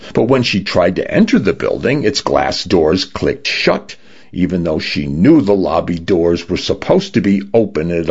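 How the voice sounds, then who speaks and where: Deep, gravelly male story narrator. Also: darkish tone, highs cut off.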